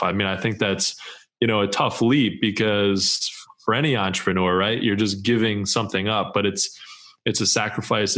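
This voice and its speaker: Deep-voiced reflective podcast co-host. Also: male voice, fairly bright tone. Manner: reflective, affirming, thinks aloud. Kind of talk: casual podcast conversation.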